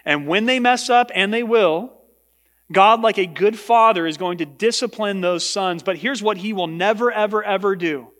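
A man's voice: sits high, moderate pace, fairly bright tone. A male pastor preaching a sermon in a church, emphatic and repeating words for stress. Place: church sanctuary. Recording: long reverb of a large hall.

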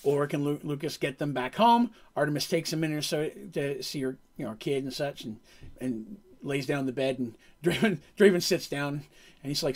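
A man's voice: a little high, a little fast. A man casually recapping a tabletop game session as game master, rambling with fillers.

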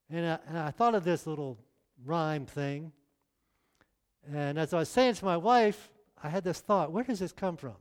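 A man's voice: on the high side, normal speed. A middle-aged man preaching a sermon in a conversational way, often asking the audience questions.

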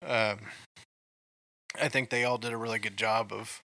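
A man's voice: on the low side, fairly even intonation, unhurried, sharp tone, dry recording. Rambling Kansas-raised male co-host. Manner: rambling, anecdotal, many ums and uhs. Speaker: podcast co-host. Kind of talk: casual movie review chat.

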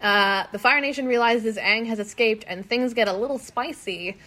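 A woman co-hosting a podcast, casually recapping episodes and acting out characters in quick asides, swearing now and then. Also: on the high side, pushed and bright. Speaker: podcast co-host.

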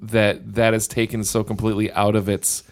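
A man's voice: lowish voice, level tone, normal speed. A man co-hosting a podcast, chatting casually about a film and adding wry remarks. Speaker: podcast co-host.

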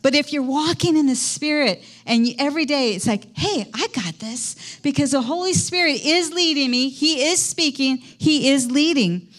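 A woman's voice: high voice, normal speed, hardly any pauses. A middle-aged woman pastor preaching a conversational sermon in a church, quizzing the congregation as she goes.

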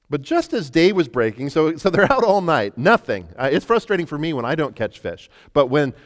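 A male preacher delivers a sermon in a lively storytelling manner. He often trips over his openings and repeats a word before he goes on. His mid-pitched voice rings with the long reverb of a large hall. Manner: animated storytelling with frequent stammered restarts.

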